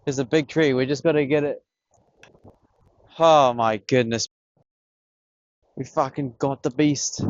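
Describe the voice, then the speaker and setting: Excitable young man, dull dry audio. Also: medium pitch, measured pace, long pauses, dry recording. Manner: excitable, swearing, slangy. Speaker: vlogger. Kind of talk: casual fishing vlog commentary. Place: outdoors on a beach by the water. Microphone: camera on a tripod.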